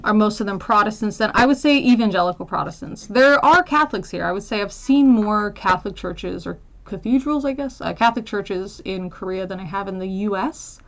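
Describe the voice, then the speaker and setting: A woman's voice: medium pitch, brisk, few pauses, fairly bright tone. Chatty American woman livestreaming. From United States. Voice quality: chatty, laughs often, many fillers and trailing asides. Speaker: livestream host answering viewer questions. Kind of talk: casual chat.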